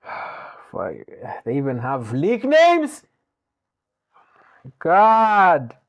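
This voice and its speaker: A man, reacting to a clip in casual slangy commentary with loud drawn-out exclamations. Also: high-pitched, huge pitch swings, dry recording, highs cut off. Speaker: reaction streamer.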